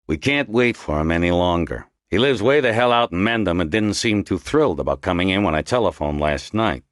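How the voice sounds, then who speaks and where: A man voicing an irritable, gruff male police lieutenant who talks bluntly and impatiently. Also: deep voice, animated, fairly quick, no room sound, studio quality. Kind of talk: audiobook character voice.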